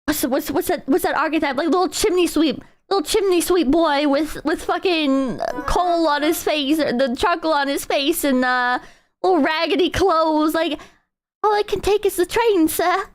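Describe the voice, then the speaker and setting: A woman streamer chatting with her viewers in a casual, animated, mocking way as she reacts to a clip. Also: sits high, moderate pace. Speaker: streamer host.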